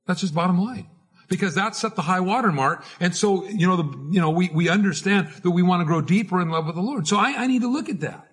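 Male pastor, raised pitch, husky tone, informal sermon delivery with restarts. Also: quick pace. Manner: informal, repeats words while preaching. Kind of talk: conversational sermon.

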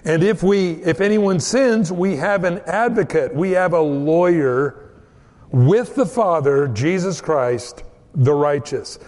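A man with a fairly high voice preaching at an unhurried pace, as a pastor talking to his flock. He mixes scripture with easy storytelling about family life and briefly acts out the voices in his stories. The sound has a long reverb, like a big church sanctuary. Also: animated, darkish tone. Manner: conversational preaching with homespun stories and quoted voices. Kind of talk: sermon.

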